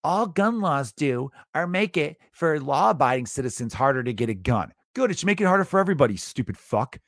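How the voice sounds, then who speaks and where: A man's voice: a little high, sing-song, brisk, a bit bright, no room sound, studio quality. A male comedian hosting a podcast, ranting in a profane, sarcastic, exasperated monologue.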